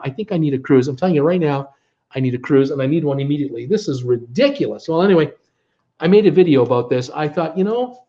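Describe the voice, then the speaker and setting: Middle-aged Canadian man, fairly high voice, folksy and exasperated live-stream host, dull lo-fi tablet audio. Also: a little mellow. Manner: folksy and exasperated, with frequent uh fillers. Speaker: travel vlog host. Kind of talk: casual live-stream chat.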